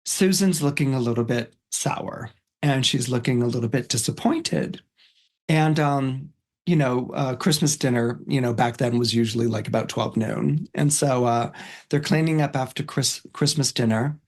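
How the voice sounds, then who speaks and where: A man's voice: mid-range voice, normal speed. A middle-aged man guesting on a podcast, retelling a film scene in a casual storytelling way, full of "you know" and "like". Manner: chatty, many fillers like "you know" and "like". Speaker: astrologer guest.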